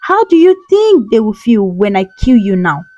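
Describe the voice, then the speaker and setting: A woman's voice: mid-range voice, very animated, normal speed, mellow, highs cut off, faint music behind. A woman voicing a bitter, vengeful young female ghost in a storybook tale, speaking in a cold, mocking manner. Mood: icy.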